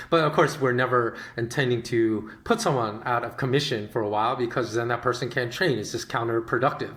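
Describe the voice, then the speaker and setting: Man hosting a podcast, casual anecdotes, animated, roomy echo. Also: medium pitch. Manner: animated, rambling, with frequent fillers. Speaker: podcast host. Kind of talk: casual storytelling monologue.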